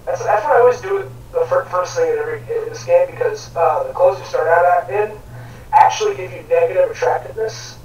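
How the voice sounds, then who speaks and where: A man's voice: sits high, a little fast, a little mellow, highs cut off. A man chatting casually while playing a game, swearing and rambling in long rants. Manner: crude, swearing, rambling ranting. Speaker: gamer. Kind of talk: casual gaming chat. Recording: echoey room, distant mic, faint noise.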